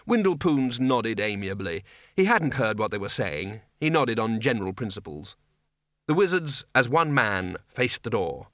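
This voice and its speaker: Guy reading a funny fantasy audiobook, wry and dry, lively voice, close dead mic. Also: fairly low pitch, unhurried, no room sound. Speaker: audiobook reader. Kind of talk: scripted narration of a comic fantasy novel.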